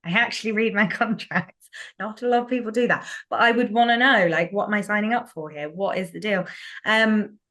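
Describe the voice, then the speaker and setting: A woman's voice: medium pitch, fairly quick, fairly bright tone. A woman guest in a casual interview, chatty, with frequent laughs and many fillers and restarts. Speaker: guest, business owner.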